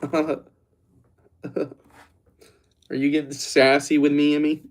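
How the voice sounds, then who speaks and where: A man's voice: a little high, little pitch movement, normal speed. Man chatting casually on a livestream. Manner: rambling, joking, talks straight to chat. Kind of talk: casual livestream chat with viewers.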